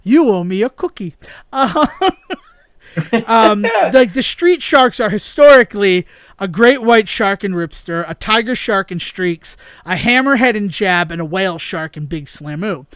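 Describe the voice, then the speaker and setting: A man's voice: sits high, expressive, measured pace, fairly bright tone, clear, resonant tone, dry recording, studio quality. A man co-hosting a podcast in casual chat, rambling enthusiastically and often laughing as he talks. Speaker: podcast co-host.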